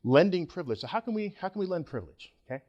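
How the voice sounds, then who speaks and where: A middle-aged man from Nigeria giving a conference talk, joking and animated with the audience. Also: sits high, racing, muffled recording. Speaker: conference speaker.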